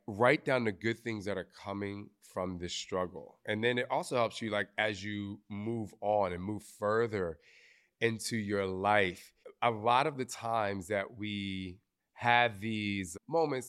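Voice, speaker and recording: A man's voice: lowish voice, a bit bright, clean tone. A man hosting a live podcast recording, talking candidly and emotionally to an audience, swearing casually. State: briefly tearful. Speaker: podcast host.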